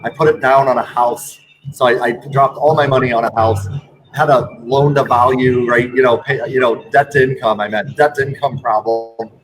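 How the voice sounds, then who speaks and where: A man's voice: mid-range voice, steady tone, moderate pace, low-quality recording. Army veteran man telling his story. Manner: rambling, restarts often, laughs while telling. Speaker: guest. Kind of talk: casual storytelling. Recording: music playing under the voice. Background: music.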